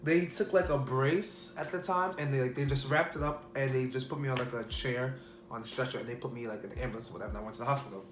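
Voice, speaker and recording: A man's voice: mid-range voice, fast talker, noisy background. A man vlogger telling a personal story in a casual, rambling way full of fillers. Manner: rambling, filler-heavy, restarts. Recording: echoey room.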